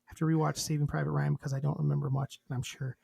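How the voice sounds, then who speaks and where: A man's voice: fairly high pitch, level tone, rapid-fire, vocal fry, dark tone, slightly rough, dry recording. A man co-hosting a podcast in casual chat, reading a list aloud and cracking crude jokes between items. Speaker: podcast co-host.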